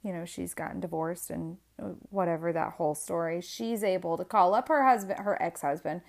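This is a woman in her 20s, a single mother, recounting something personal to the camera with raw feeling. She talks a little fast with vocal fry, restarts often, and grows higher-pitched and louder as she gets worked up.

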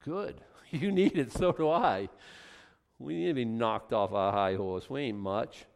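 Male pastor, mid-pitched, expository sermon, quiet readings then forceful peaks, long hall reverb. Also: animated, measured pace, creaky. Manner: swings from quiet scripture reading to loud, emphatic preaching.

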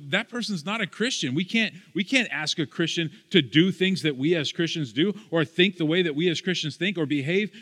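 A man's voice: a little high, a bit bright. A male pastor preaching a sermon, talking in a conversational, emphatic way with asides to the congregation. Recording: hall reverb.

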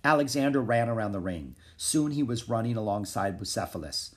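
Brief: male storybook narrator, expressive, lively intonation, husky tone. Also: lowish voice, brisk. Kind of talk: reading a children's book aloud.

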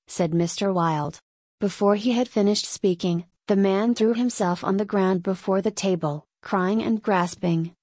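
A woman narrating an audiobook in a steady, measured way. Her voice has a middle pitch, and the recording is dry, close and free of room sound. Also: dry recording. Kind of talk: audiobook reading.

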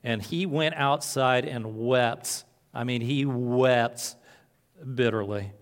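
A male pastor preaching a sermon earnestly, moving between soft, slow passages and emphatic lines. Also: medium pitch.

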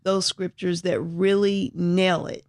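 A woman's voice: on the low side, level tone, takes it slowly, creaky, a little mellow, no echo, studio quality. A woman co-hosting a devotional talk, encouraging and affirming as she urges listeners to read scripture. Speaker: co-host.

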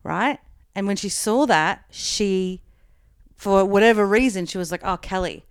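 Chatty woman comedian with a smooth voice. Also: mid-range voice, a little slow, no echo, clean studio sound. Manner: chatty, peppered with "like", acts out quoted dialogue. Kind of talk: casual podcast storytelling.

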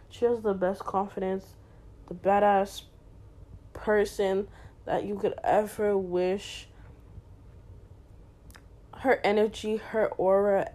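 A woman's voice: mid-range voice, mellow. A teenage girl hosting her own podcast, talking candidly in a slangy, chatty way with lots of fillers. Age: teens. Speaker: podcast host. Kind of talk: casual solo podcast chat.

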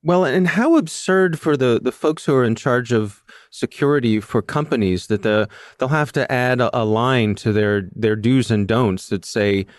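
A man's voice: mid-range voice, moderate pace, hardly any pauses, no room sound, studio quality. A man hosting a podcast, chatting casually in a playful, self-mocking way. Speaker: podcast host.

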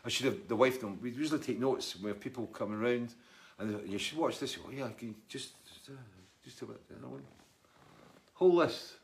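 A middle-aged Scottish musician reads out viewer comments and answers them in a casual live chat, rambling and wry. His medium-pitched voice moves fairly quickly and carries some vocal fry.

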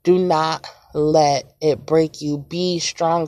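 Young woman in her twenties, gravelly, dry close sound, earnest emotional pep talk to viewers, often soft-spoken. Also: low voice, steady tone, slow pace, no room sound. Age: 20s. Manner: earnest, repetitive encouragement, often soft and quiet. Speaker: vlogger. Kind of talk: motivational monologue to viewers.

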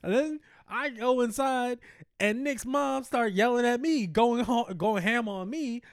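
A man's voice: very high voice, a little slow, smooth, no room sound, studio quality. A man co-hosting a casual podcast, telling a long story with lots of laughter and acted-out quotes. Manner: rambling, laughs often, acts out quotes. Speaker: podcast co-host.

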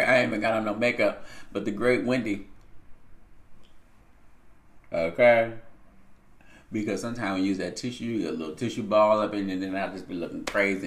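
A man hosting a casual solo podcast, speaking in a candid, reflective way with a lot of swearing. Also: on the low side. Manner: candid and heavily profane, reflective. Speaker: podcast host. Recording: roomy echo.

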